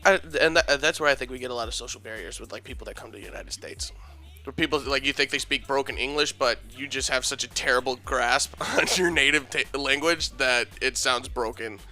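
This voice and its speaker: A man's voice: mid-range voice, fairly quick, pushed and bright. Loose, foul-mouthed young man rambling. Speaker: podcast host. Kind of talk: casual podcast banter.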